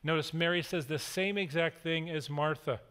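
Earnest preacher in a reverberant church. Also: male voice, a little high, steady tone, moderate pace, a bit bright, clean tone. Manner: earnest storytelling preacher, reads scripture then explains it. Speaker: guest speaker. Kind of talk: sermon. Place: church sanctuary. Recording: long reverb of a church hall.

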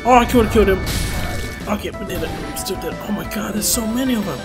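Jumpy gamer yelping over loud music. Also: male voice, high voice, expressive, quick pace. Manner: jumpy, yelps and exclaims at scares. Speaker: gamer playing a horror-heavy action game. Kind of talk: casual gameplay commentary. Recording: game music playing loudly behind.

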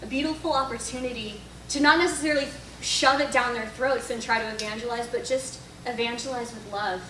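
A young woman speaks casually to a group, telling stories and taking questions in a chatty, self-correcting way. Her voice sits a little high and comes from some distance off the mic. The room is echoey, with a faint hiss behind her. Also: steady tone, brisk, fairly bright tone. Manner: chatty, storytelling, frequent likes and self-corrections. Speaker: speaker at a young adult faith event. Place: parish hall.

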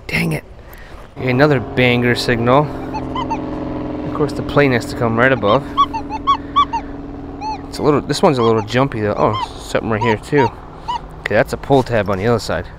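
A man giving casual running commentary while metal detecting on a beach at night, chatting to his finds with excited bursts. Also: medium pitch, noisy background. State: out of breath.

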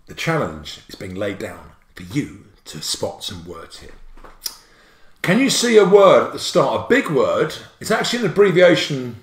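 Male teacher, jokey and animated, livestream spelling lesson, roomy echo. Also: mid-range voice, normal speed. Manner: bouncy, jokey, playful asides.

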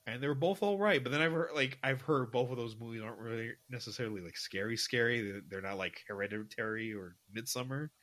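Speaking a little fast in a pushed, bright, medium-pitched voice, a twenty-something man co-hosts a podcast. The talk is casual and rambling, packed with fillers and restarts.

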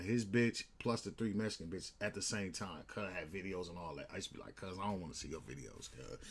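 A man's voice: fairly low pitch, a little mellow, slight background noise. A man telling a story in a casual, rambling way, full of street slang.

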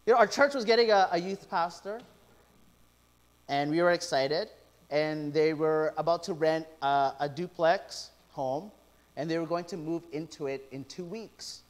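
Male pastor, middle-aged, sermon, high voice, animated storytelling. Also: measured pace. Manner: animated storytelling with quoted asides.

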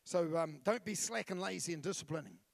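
A man's voice: on the high side, a little fast, vocal fry, no room sound. A middle-aged man, preaching a blunt, colloquial sermon with asides to the congregation. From New Zealand. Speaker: pastor. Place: church.

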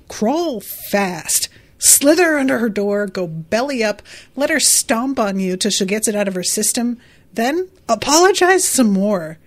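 A woman reading aloud as a dry, amused older male officer who hands out wry, unhurried advice. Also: on the high side, big pitch swings.

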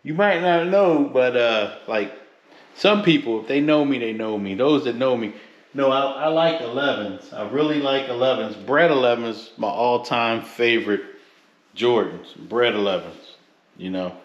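A man's voice: medium pitch, a little slow, roomy sound, muffled recording. A man from the Philadelphia–New York area chatting casually in an unboxing vlog, rambling and joking in slang as he reviews sneakers.

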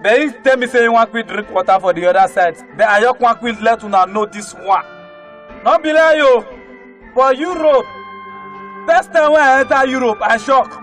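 High-voiced Nigerian comic storyteller. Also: male voice, normal speed, a bit bright, faint music behind. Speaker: comedian.

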